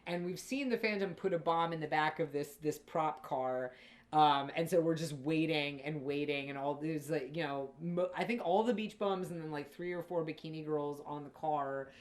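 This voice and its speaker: A woman co-hosting a film review chat, animated, often laughing and acting out lines from the movie. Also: sits low, moderate pace. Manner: animated, laughing, acts out quotes. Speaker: co-host of a movie review show. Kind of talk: casual chat.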